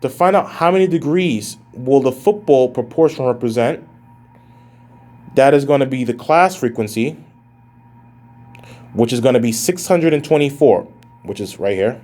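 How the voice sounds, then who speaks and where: A male math professor talks through a recorded lecture in a relaxed, casual way, calling his students guys. His voice sits in an ordinary middle pitch, and he thinks aloud while he works through each calculation. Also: moderate pace, long pauses, soft background music.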